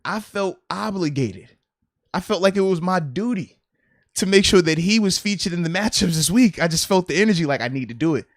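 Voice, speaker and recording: Podcast co-host, male, slightly high voice, playful and teasing, dry close mic. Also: a little fast, no room sound. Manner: animated, laughing, teasing. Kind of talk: casual sports podcast chat.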